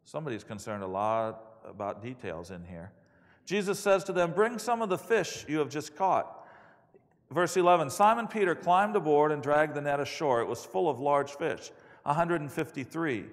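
A man preaches in a large hall, his voice trailing off into a long reverb. He tells stories in an animated way, his pitch rising and falling widely. His voice sits a little on the high side for a man. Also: normal speed. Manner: animated storytelling with acted-out quotes. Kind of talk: sermon.

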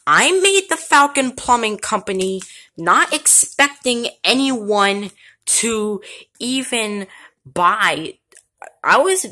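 A woman's voice: mid-range voice, fairly bright tone, exaggerated voice. A woman doing Doctor Enderman, a defensive company owner. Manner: defensive, rambling excuses.

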